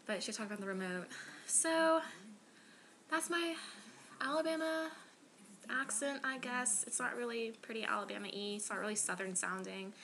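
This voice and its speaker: A woman's voice: a little high, moderate pace, creaky, fairly bright tone. A woman from Florida chatting casually to camera in a rambling, self-deprecating way, full of "um" and "like.". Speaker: vlogger.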